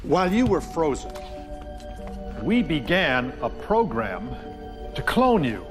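A calm clone scientist. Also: male voice, a little high, slow pace, music in the background. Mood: matter-of-fact.

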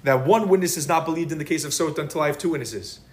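A man's voice: a little high, racing. A man teaching an informal Talmud class, talking casually and repeating words for emphasis.

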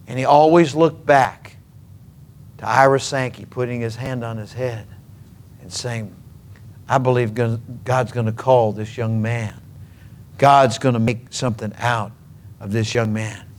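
A man from Minnesota preaches a storytelling sermon in a mid-pitched voice. He speaks earnestly and emphatically, letting dramatic pauses hang between his phrases.

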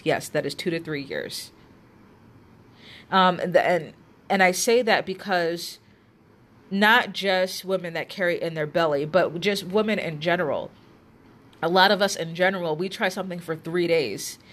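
A woman's voice: lowish voice, unhurried. A woman with a stuffy, congested nose giving casual health advice to her viewers, chatty and direct, with lots of fillers and restarts. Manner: direct, addresses viewers as guys and ladies. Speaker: health coach. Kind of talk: casual advice talk to camera.

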